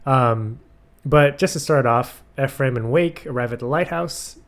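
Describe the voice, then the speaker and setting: A man's voice: medium pitch, measured pace. Chatty male podcast host. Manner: animated, acts out quotes, lots of "like". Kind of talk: casual film discussion.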